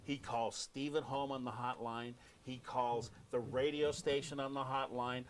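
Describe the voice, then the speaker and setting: A man with an American accent, a radio host telling an animated story on air and acting out quoted lines. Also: medium pitch, a little slow, a little hiss or hum.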